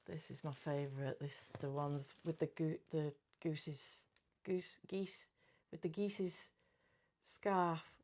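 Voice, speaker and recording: A woman's voice: deep voice, fairly even intonation, slow pace, darkish tone. A middle-aged woman chatting casually about her cross-stitch projects, giggly and often correcting her own words. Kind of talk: casual chat.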